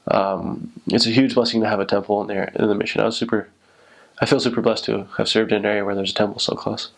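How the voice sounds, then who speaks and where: A man's voice: fairly low pitch, flat delivery, quick pace, gravelly. A young man, a returned missionary, describing his mission area in a rambling, self-correcting way. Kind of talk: casual recollection.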